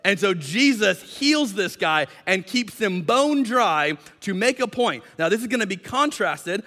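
A man preaching a sermon as pastor, animated, acting out the voices of the people in his story. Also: sits high. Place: church hall. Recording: long hall reverb.

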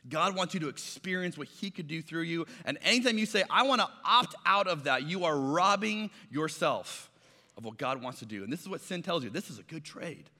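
A man's voice: a little high, animated, fairly quick, sharp tone, long reverb tail. A man preaching a sermon, telling stories in a conversational way and acting out the voices of the people in them. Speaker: pastor.

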